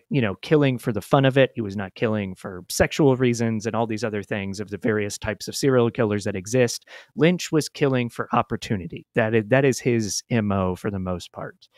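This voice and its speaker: A man's voice: fairly low pitch, no echo, studio quality. A man with a Midwestern American accent, hosting and telling a true story in a chatty, self-deprecating way. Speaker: podcast host. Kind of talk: casual storytelling chat.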